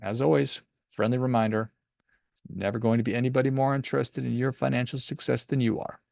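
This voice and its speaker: A man's voice: mid-range voice, fairly even intonation, brisk, vocal fry, a little mellow, no room sound, clean studio sound. A man hosting a money podcast, giving emphatic, encouraging advice about work and telling a story. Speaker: podcast host and financial advisor. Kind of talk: motivational podcast monologue.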